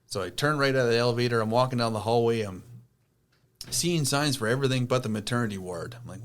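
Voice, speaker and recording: A man's voice: medium pitch, quick pace. Man telling a personal story. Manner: animated, acts out quoted people. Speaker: podcast host.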